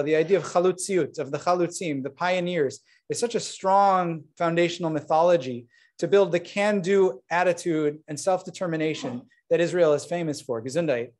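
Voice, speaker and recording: In a synagogue sanctuary, a man with a notably high voice gives a rabbi's installation sermon, speaking earnestly and warmly to his congregation. Now and then he pauses for friendly asides.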